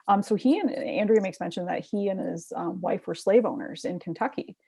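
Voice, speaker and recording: A woman with a Canadian accent co-hosting a casual history chat, blunt and quick to swear. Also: medium pitch, gravelly, mellow, breathy edge. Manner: blunt, swears freely, self-mocking. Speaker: podcast co-host.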